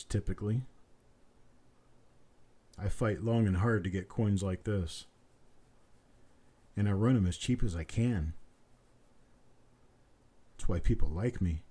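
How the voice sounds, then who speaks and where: A man with a low voice runs a live coin auction, repeating each bid in a steady calling rhythm. His tone is mellow and dark, a little rough tonight, and he breaks off into relaxed, joking asides before going back to calling bids. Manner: repetitive rapid bid calling, chatty asides. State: slightly rough voice. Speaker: auctioneer and host.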